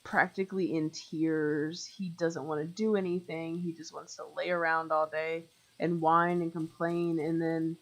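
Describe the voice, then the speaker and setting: Young woman, gaming streamer, casual rambling chat, slightly low voice, filler-heavy. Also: level tone, unhurried, low-quality recording. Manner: talks to chat viewers directly. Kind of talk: casual chat while playing.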